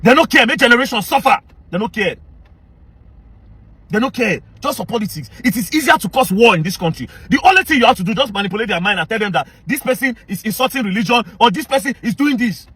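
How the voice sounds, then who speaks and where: A man's voice: high-pitched, expressive, fast, pushed and bright, slightly rough, no echo. A man with a Nigerian Pidgin-inflected English accent, delivering a confrontational, heated rant straight to the camera. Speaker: social media commentator. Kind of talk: angry direct-to-camera rant.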